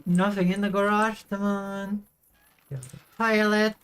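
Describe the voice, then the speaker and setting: A woman's voice: mid-range voice, level tone, unhurried, clear, resonant tone. A woman streaming a video game, chatting casually to her viewers with offhand swearing. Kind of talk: casual gameplay commentary.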